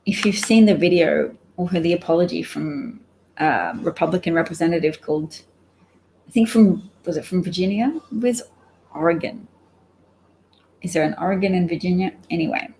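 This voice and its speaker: A woman's voice: on the low side, vocal fry, warm tone, a little hiss or hum, rough recording. A woman giving rambling, wry solo commentary on the news, reading out quotes and sounding sleepy. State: sleepy, yawning. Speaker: political commentator.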